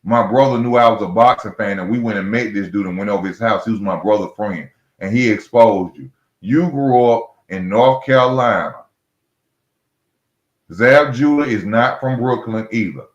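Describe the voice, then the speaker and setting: A man's voice: fairly low pitch, normal speed. A man. He is blunt and mocking and hammers each point twice. The room sounds echoey and the audio a little muffled. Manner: blunt, mocking, repetitive, speaks straight to fighters. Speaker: boxing commentary host. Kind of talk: heated solo boxing rant.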